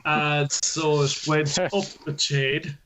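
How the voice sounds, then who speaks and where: A man co-hosting a podcast, telling a story in an animated, profane way and laughing often. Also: fairly high pitch, slow pace, noisy background. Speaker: podcast co-host. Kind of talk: casual chat.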